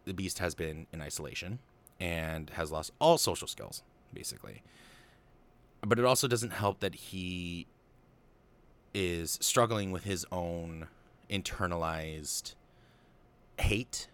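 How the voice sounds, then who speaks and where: Speaking slowly with frequent pauses, a young film commentator has a low, slightly bright, clean voice. He casually recaps and analyzes a film, rambling with lots of fillers and casual paraphrases of the characters.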